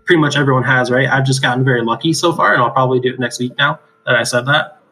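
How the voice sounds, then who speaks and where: A man's voice: medium pitch, steady tone, racing, pushed and bright, poor audio. A man who works as an oral surgeon, explaining extraction cases in a casual chat, laughing often and tagging his points with "right?". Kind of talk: casual clinical discussion.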